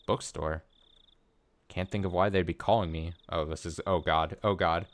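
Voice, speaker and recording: A man hosting a let's play, reading a visual novel aloud and rambling excitedly and paranoidly between lines. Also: sits low, normal speed, slight background noise.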